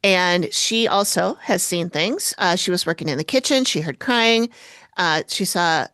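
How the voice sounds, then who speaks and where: A woman with a fairly low voice co-hosts a podcast and recaps a show in loose, casual chat. She swears freely and tosses in dry asides. The sound is very dry and close. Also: unhurried, a bit bright, no echo. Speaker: podcast co-host.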